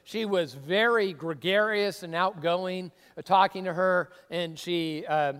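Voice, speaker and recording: A man preaching a sermon as a pastor, conversational and emphatic, with sudden bursts of excitement. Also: sits high, a little slow, clean tone. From Seattle area. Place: church sanctuary. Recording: long reverb of a church hall.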